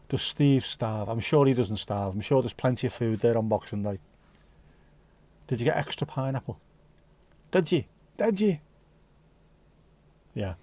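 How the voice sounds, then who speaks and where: A warm, medium-pitched man with a Liverpool accent hosts a livestream. He reads viewer comments in a casual, jokey, rambling style, swearing freely.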